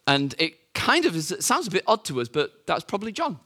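A man's voice: high voice, wildly swooping pitch, brisk, pushed and bright. A man preaching a sermon, telling the story in a conversational way with rhetorical questions and fillers.

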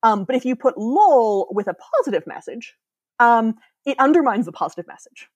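A woman's voice: on the high side, very animated, normal speed, a little mellow, no room sound. A woman in her thirties, a podcast guest, explaining ideas eagerly in casual chat and laughing often.

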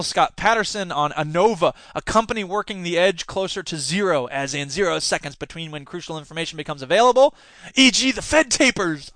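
A man hosting a podcast, giving opinionated solo commentary with animated rants and sarcastic asides. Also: high-pitched, no room sound. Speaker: podcast host.

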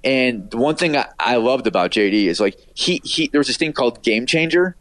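A man's voice: medium pitch, animated, fairly quick, a bit bright, no room sound. A middle-aged man, a radio producer, telling stories as an interview guest in a rambling way, full of fillers and acted-out quotes. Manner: rambling, filler-heavy, acts out quoted voices. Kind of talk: casual storytelling interview.

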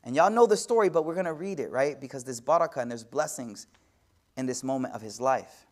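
A man giving a sermon-style lecture as an Islamic teacher, swinging from hushed to loud, with slangy asides and rapid Arabic recitation. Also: mid-range voice, lively intonation. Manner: slangy, addresses audience directly.

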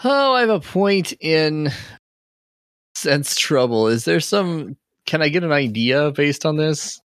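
A man plays a tabletop role-playing game, thinking aloud hesitantly and giggling between lines. He talks slowly with a lively, swinging pitch. The sound is dry and close. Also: smooth, dry recording. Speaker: player.

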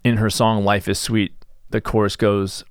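A middle-aged man with a fairly low voice talks alone on his podcast, his words halting and soft as he searches for them. He sounds subdued and grieving. The sound is dry and close, with no room around it. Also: little pitch movement, smooth, no room sound. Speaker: podcast host and stress management coach. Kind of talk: reflective solo podcast monologue.

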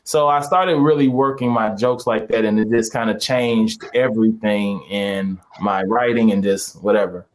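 A man who does stand-up comedy, chatting casually and acting out quotes in lively voices. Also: on the low side, normal speed, few pauses. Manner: animated storyteller acting out voices. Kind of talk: casual podcast chat.

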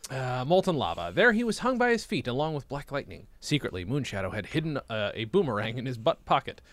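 A man's voice: mid-range voice, very animated, fast, a bit bright, no room sound. A man reading an old childhood story aloud with comic, sarcastic asides. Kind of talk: comedic read-aloud with commentary.

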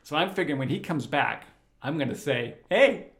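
A man's voice: mid-range voice, expressive, brisk, creaky, a bit bright, slight background noise. A man casually telling a self-mocking anecdote, often laughing as he talks. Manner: self-mocking, laughs through his stories.

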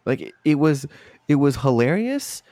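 A man's voice: fairly high pitch, moderate pace, dry recording. A man chatting on a podcast, telling stories with lots of swearing, laughter and put-on voices. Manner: animated, profane, laughing storyteller doing voices. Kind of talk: casual podcast chat.

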